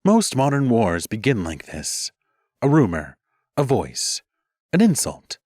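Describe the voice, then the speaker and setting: A man voicing a very old male mage who speaks slowly and calmly, weighing each word. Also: medium pitch, dry recording, pitched above the performer's own voice, exaggerated voice. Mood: measured. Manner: slow, measured, advising.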